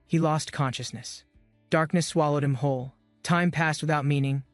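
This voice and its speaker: A man's voice: on the high side, steady tone, normal speed, no room sound, soft background music. A man giving scripted, dramatic narration of a comic-book recap.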